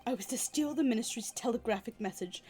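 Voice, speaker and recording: A woman voicing a bitter, ambitious man who confesses his crimes in a steady, measured reading. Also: on the high side, lightly acted. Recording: faint music behind.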